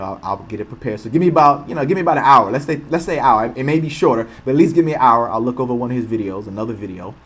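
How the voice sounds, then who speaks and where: Male stream host, average pitch; impassioned rhetorical commentary, hammers points by repetition. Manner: impassioned, rhetorical, repeats himself for emphasis. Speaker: channel host. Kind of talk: livestream commentary.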